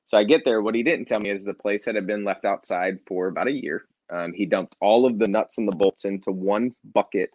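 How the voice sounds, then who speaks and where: A man who founded a nonprofit is a guest on an interview, casually telling a personal story and acting out quoted dialogue with lively energy. His voice is lowish and fairly quick, with hardly any pauses. The recording is lo-fi with no echo.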